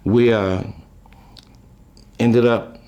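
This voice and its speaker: An older man reminiscing about his life, telling rambling, folksy stories with chuckles, trailing off and restarting, and lifting his voice high when he quotes people. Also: fairly even intonation, drawn-out words, warm tone, clean tone. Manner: raises his voice high when quoting others. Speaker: musician recalling his life. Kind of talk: rambling storytelling.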